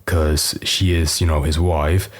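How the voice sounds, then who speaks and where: A hoarse British man co-hosting reaction commentary, blunt and casual with many fillers. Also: very deep voice, flat delivery, measured pace. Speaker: co-host.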